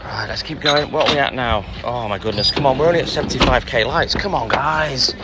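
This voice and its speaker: A hoarse man chatting calmly to viewers on a live stream from inside his van. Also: fast, very noisy. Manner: keeping his voice calm and low, chatting to viewers. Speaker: livestreamer. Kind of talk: casual live-stream chat.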